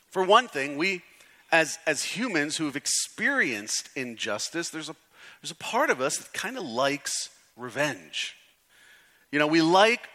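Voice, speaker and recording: A man's voice: fairly high pitch, sharp tone. A man preaching a conversational sermon as pastor, with frequent restarts, in a large church hall. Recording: hall reverb.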